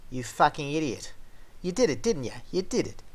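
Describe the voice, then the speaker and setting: A man voicing a gruff male police constable who scolds bluntly and loudly. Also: fairly high pitch, sing-song, moderate pace, voice pushed up, low-quality recording. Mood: scolding.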